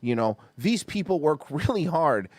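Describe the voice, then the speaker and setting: A man with a high voice that leaps up and down hosts a casual podcast chat. He tells stories in an animated, profane way, full of fillers and restarts. The sound is close and dry, with no room around it. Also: moderate pace, no echo. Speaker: podcast host.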